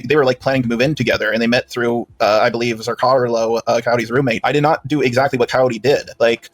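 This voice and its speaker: A man interviewed on a call, answering defensively with many hedging fillers. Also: medium pitch. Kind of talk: recorded call conversation.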